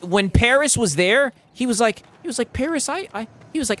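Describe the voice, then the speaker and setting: A man's voice: very high voice, animated, fairly quick, a bit bright. A man chatting casually on a stream, telling stories with frequent laughter and swearing.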